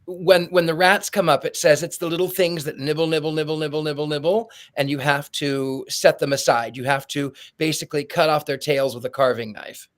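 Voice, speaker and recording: Guy on a podcast, kinda high voice, acts out the quotes when he tells stories. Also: normal speed, hardly any pauses. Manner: animated storyteller acting out quotes. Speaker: podcast co-host. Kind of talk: casual chat.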